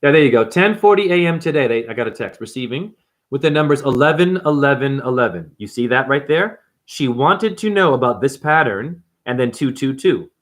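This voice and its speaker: A man's voice: medium pitch, lively intonation, a little fast, a bit bright. A man hosting a numerology video, ranting to camera in a confrontational, preachy way and calling viewers honey. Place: apartment.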